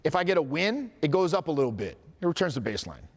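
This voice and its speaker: A man's voice: fairly high pitch, very animated, very fast, long reverb tail. A man coaching a live audience on confidence, candid and profane, with joking asides and acted-out quotes.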